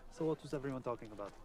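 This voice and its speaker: A man's voice: medium pitch, natural voice. A man playing a weary young disciple, Hebrew-style accent. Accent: Hebrew-style stage accent. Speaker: actor in a series clip.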